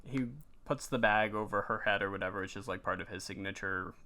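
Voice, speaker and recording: A man's voice: fairly low pitch, fairly even intonation, fairly quick, sharp tone. A man co-hosting a podcast, casually recapping a movie plot with lots of fillers. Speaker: podcast co-host. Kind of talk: casual movie review chat.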